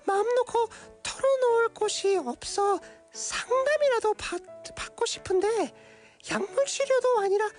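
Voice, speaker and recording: Man doing a young mother, falsetto, high, hurried. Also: soft background music. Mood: anxious. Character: young mother with postpartum blues, female.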